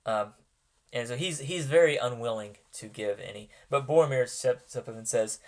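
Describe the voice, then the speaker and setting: A man runs a tabletop role-playing game as its game master, describing scenes to his players. He narrates haltingly, with many ums and restarts along the way. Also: medium pitch, a little mellow.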